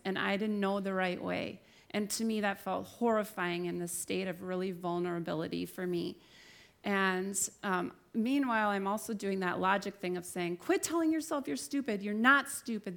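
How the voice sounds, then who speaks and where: A woman's voice: medium pitch, normal speed, gravelly. A woman speaks to listeners about faith and shame, telling her own story candidly. She pokes fun at herself along the way. Her voice sits in an ordinary middle range. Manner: candid, self-deprecating storytelling with laughter. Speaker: speaker giving a faith talk. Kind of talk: personal testimony and encouragement.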